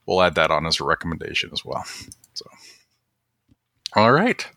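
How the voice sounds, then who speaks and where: A man's voice: a bass voice, big pitch swings, normal speed, vocal fry, pushed and bright, no room sound, clean studio sound. A man hosting a casual podcast chat about movies, rambling with many fillers and restarts. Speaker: podcast host.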